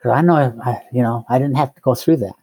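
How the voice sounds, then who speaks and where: A man's voice: mid-range voice, fast, mellow, slightly rough, dry recording. An older man, a guest, telling his recovery story in a conversational way, with wry self-mocking humor and frequent chuckles.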